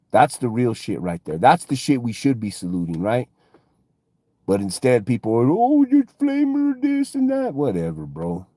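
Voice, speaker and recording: A man's voice: fairly low pitch, a little mellow, dry recording, studio quality. A man ranting casually on a livestream, slangy and profane, repeating himself and calling everyone bro and homie. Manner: heated, repeats himself for emphasis. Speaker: livestreamer and fighter.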